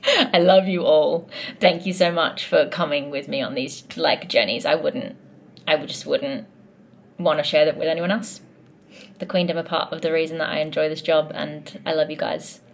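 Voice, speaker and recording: A woman's voice: sits low, fairly even intonation, normal speed, gravelly. A young woman in casual vlog chat, talking in a gushing, heartfelt way as a musical theatre performer backstage.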